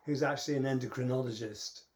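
British middle-aged man, halting anecdotal podcast co-host, mid-pitched voice. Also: steady tone, darkish tone. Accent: British English. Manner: halting, storytelling, laughs at his own anecdotes. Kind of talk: casual chat.

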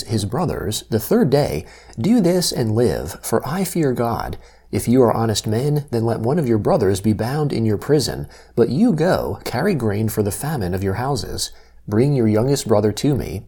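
A man giving a steady, expressive scripture reading. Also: medium pitch, husky. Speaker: scripture reader.

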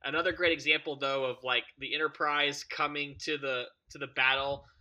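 Very bright, enthusiastic male podcaster. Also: mid-range voice, steady tone, highs cut off. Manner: enthusiastic, agreeable, quick to laugh. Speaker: podcast co-host. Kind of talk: casual fan discussion.

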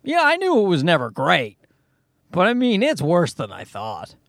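A man's voice: high voice, huge pitch swings, normal speed, fairly bright tone, no echo, clean studio sound. A man in his thirties, a comedian hosting his own podcast alone, rambling and self-mocking, swearing freely and restarting his sentences. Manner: rambling, self-deprecating, profane, with frequent restarts. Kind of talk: casual solo podcast monologue. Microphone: podcast microphone, dry close sound.

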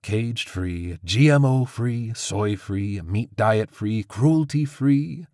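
A man voicing a sardonic male crow familiar with a slow, drawling, dire delivery. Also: low voice, animated, darkish tone, husky, dry recording, studio quality, exaggerated voice. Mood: mocking singsong.

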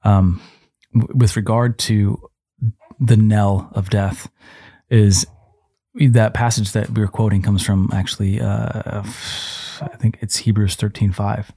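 A man's voice: fairly low pitch, little pitch movement, takes it slowly, gravelly, dark tone, breathy edge, no echo, studio quality. A man co-hosting a Christian parenting podcast, explaining Bible passages in a conversational teaching way, with frequent restarts. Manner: explanatory, quotes scripture, many restarts.

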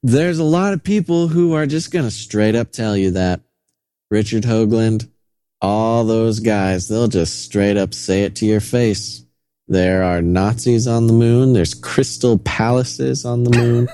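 A man's voice: fairly low pitch, a little slow, warm tone. A man co-hosting a casual podcast, making sarcastic, wry jokes with bits of laughter. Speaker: podcast co-host. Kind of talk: casual conspiracy-theory chat.

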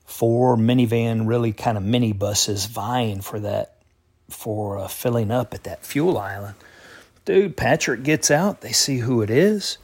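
A man's voice: medium pitch, a little mellow. A man giving casual, opinionated political commentary to his viewers in a folksy, slangy way.

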